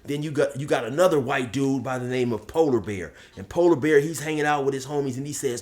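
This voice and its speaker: A man's voice: medium pitch, a little fast, few pauses, a little mellow. A man telling a comic story in casual street slang, saying man a lot. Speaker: storyteller, channel host.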